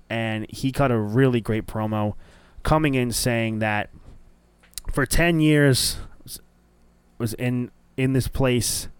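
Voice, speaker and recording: A young man hosting a wrestling podcast alone, chatting casually and getting excited, often repeating words. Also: medium pitch, clear, resonant tone, no echo. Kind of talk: casual solo commentary.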